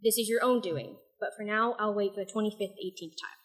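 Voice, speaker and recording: Loud music sits behind a young woman reading her poems and a novel excerpt at an open mic night. She speaks softly, a little fast, with a steady tone and a mid-range voice, and gently pokes fun at herself between pieces.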